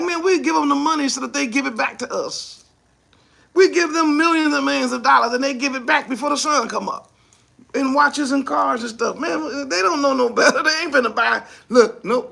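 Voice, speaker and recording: A man with an unusually high voice and a sharp, gravelly edge delivers a heated commentary monologue. He hammers away with mocking rhetorical questions and often rises to a shout. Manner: mocking rhetorical questions, acts out imagined speakers. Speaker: ministry speaker.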